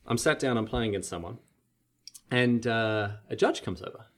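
A man on a casual podcast, telling a story in an animated way and acting out the quotes. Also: normal speed. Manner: animated storyteller, acts out quotes with big pitch jumps.

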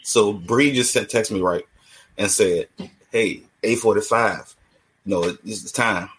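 A man's voice: on the low side, measured pace, a bit bright. A man guest in a casual video-call chat, telling a story and laughing at himself.

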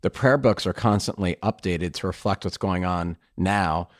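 Earnest deep-voiced male host. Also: normal speed, no room sound, studio quality. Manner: earnest, emphatic, rambling with restarts. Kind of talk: casual conversation.

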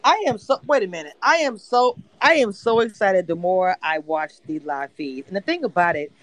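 A woman hosting a live chat about a reality show, blunt, profane and quick to laugh. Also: lowish voice, expressive, no echo, low-quality recording. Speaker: show commentary host.

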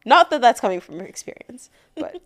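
A young woman co-hosting a podcast, chatting frankly and casually with plenty of fillers. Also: on the low side. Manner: candid, frank and profane, many fillers. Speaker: podcast co-host. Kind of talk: casual chat.

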